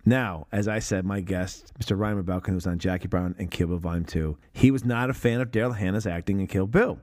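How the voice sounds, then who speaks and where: A man in his thirties hosting a casual film podcast, talking in an animated, profane way and acting out movie lines. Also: low-pitched, a little fast. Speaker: podcast host.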